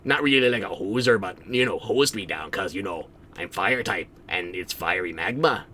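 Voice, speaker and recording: A man's voice: sits low, expressive, normal speed, sharp tone, a little hiss or hum. A man voicing a friendly, laid-back male fire dog creature in a put-on Canadian accent, calling the listener bud and tagging lines with eh. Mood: sleepy, folksy. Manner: folksy, calls listener bud, says eh.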